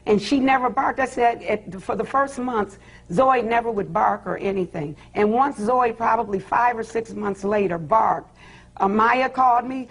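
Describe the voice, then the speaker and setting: Emphatic middle-aged woman, husky voice. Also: on the high side, moderate pace. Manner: emphatic, repeats quoted dialogue. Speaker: plaintiff's mother. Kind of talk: courtroom testimony.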